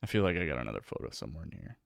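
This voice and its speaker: A man's voice: very deep voice, very animated, racing, creaky, no echo, studio quality. A young man hosting a livestream, chatting casually in a rambling, self-deprecating way with lots of filler words. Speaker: livestream host. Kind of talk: casual chat.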